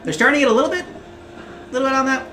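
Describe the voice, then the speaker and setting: A man's voice: very high voice, fast talker, pushed and bright. A man co-hosting a casual gaming livestream, chatty and rambling, laughing often. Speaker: livestream co-host. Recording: echoey room with faint noise.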